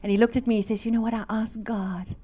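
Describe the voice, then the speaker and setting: High-voiced woman telling a testimony. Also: steady tone, quick pace, dark tone, slightly rough. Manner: storytelling, acting out voices, laughing. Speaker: speaker at a church. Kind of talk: testimony sermon.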